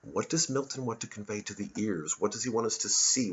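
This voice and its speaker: A man's voice: fairly low pitch, expressive, a little fast, hardly any pauses. A male comedian delivering a rambling, sardonic satirical monologue full of digressions. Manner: sardonic, digressive, slips into voices. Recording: dull lo-fi audio.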